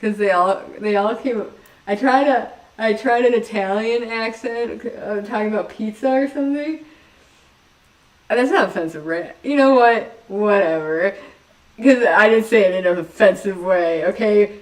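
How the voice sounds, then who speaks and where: A woman's voice: mid-range voice, normal speed, far from the mic. A woman hosting a casual livestream chat, rambling from topic to topic, giggling often and poking fun at herself. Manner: giggly, rambling, self-mocking. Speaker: livestream host.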